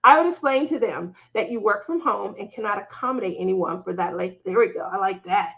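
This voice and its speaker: A middle-aged woman with an animated, fairly bright voice speaks fairly quickly on a muffled recording. Hosting a casual craft live stream, she chats with viewers, laughs often and acts out family members' lines in higher, livelier voices.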